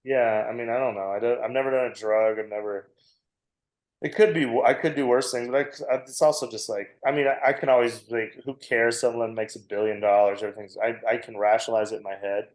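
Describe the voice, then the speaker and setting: A man's voice: medium pitch, steady tone, fast, a little mellow. A man in his forties, a comedian guest, telling a long, self-mocking story on a podcast and laughing often. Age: 40s. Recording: roomy echo.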